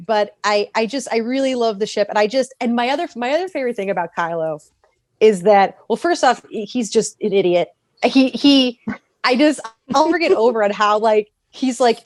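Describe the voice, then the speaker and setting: An animated woman on a podcast, chatting casually and breaking into quick put-on voices for characters. Her voice jumps around in pitch as she laughs and restarts her sentences. The sound is dry and close to the mic. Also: no echo. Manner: animated, acts out characters' lines mid-sentence. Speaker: podcast guest.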